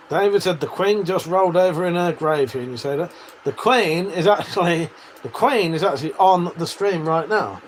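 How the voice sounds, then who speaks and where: This English man, in his forties, has a slightly high voice and talks at a moderate pace over a faint hiss or hum. Bantering on a live stream, he reads out comments from viewers, laughs, and swears.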